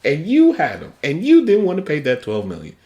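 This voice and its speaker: A man hosting a football podcast solo, talking with hyped, energetic delivery, big shouted outbursts and repeated "okay?" and "guess what?". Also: a little high, a little fast, lo-fi sound. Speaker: podcast host.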